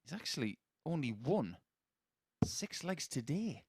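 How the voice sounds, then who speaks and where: A man doing live darts commentary, measured and analytical with a dry sense of humour. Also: mid-range voice, sing-song, darkish tone, slightly rough, no echo.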